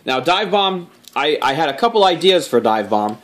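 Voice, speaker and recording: A man's voice: fairly high pitch, sing-song, moderate pace, fairly bright tone. A man hosting a casual toy review, rambling and joking, laughing often and swearing offhandedly.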